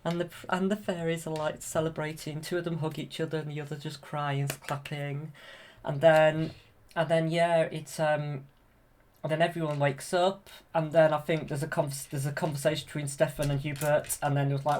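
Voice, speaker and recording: Excited man rambling through a film retelling. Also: fairly high pitch, moderate pace. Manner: eager, rambling, many ums and restarts. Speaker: YouTube creator. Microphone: handheld camera.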